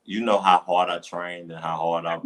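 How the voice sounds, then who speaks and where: A man's voice: low voice, level tone, normal speed. A man co-hosting a podcast, laid-back in casual chat with short replies. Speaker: podcast co-host.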